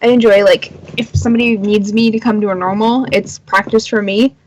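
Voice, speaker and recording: A woman co-hosting a casual podcast, chatty and enthusiastic, quick to agree with the others. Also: medium pitch, fairly even intonation, a little hiss or hum, poor audio. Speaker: podcast co-host. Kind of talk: casual chat.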